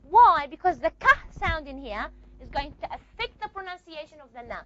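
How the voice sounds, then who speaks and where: A woman teaching a phonetics lesson in class, asking questions and answering them herself, and stretching key words slowly. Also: high-pitched, very animated, fairly bright tone. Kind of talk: classroom lecture. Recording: dull lo-fi recording.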